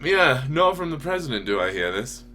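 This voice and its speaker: A man's voice: mid-range voice, sing-song, fairly quick, bright, forceful tone, slight background noise. A man hosting a casual talk show, ranting with swearing and rhetorical questions. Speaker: podcast host. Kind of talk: casual political chat.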